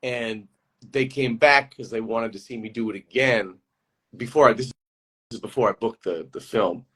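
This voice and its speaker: A man being interviewed as a guest actor over a video call, telling rambling, animated stories in a casual chat and laughing easily. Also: medium pitch, normal speed, breathy edge.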